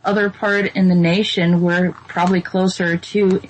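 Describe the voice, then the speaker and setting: A woman's voice: lowish voice, little pitch movement, moderate pace, slight background noise, low-quality recording. A woman from the Boston area hosting a casual chat, with a light Boston trace in an American accent; giggly and self-deprecating. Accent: General American with a trace of Boston. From Boston area, USA. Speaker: host.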